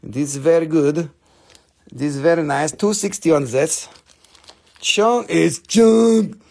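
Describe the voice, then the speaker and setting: A man's voice: fairly high pitch, fairly even intonation, moderate pace, warm tone. A man hosting a live stream selling stones, joking and teasing his viewers as he calls out prices, with slightly broken phrasing. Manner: joking, teasing banter while calling prices. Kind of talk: live sales stream chat.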